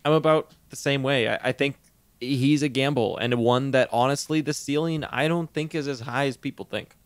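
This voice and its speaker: A man co-hosting a podcast in casual sports chat, animated, laughing often and tripping over his words. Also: mid-range voice, normal speed, clear, resonant tone, no echo. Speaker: podcast co-host.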